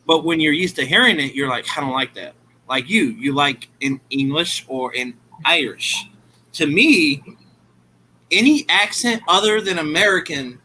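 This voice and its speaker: A man from Ohio with a Southern US accent co-hosts a livestream, chatting bluntly and swearing casually. His voice is a little high, pushed and bright, captured in a rough recording with slight background noise.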